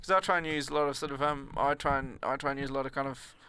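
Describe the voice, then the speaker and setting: A man's voice: mid-range voice, fairly even intonation, very fast, sharp tone, clear, resonant tone. A man, a comedian chatting casually as a podcast guest, rambling with frequent restarts and easy laughter.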